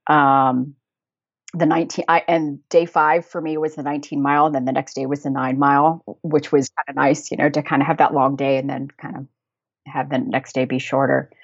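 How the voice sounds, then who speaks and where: A chatty American woman in a relaxed interview, her voice sitting a little low. She recounts her travels freely, laughing between phrases and circling back with plenty of fillers. The sound is close and dry, with a slightly dull, lo-fi tone. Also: brisk, no echo. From United States. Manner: chatty, laughs often, many fillers and restarts. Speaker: guest, travel blogger. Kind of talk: casual conversational storytelling.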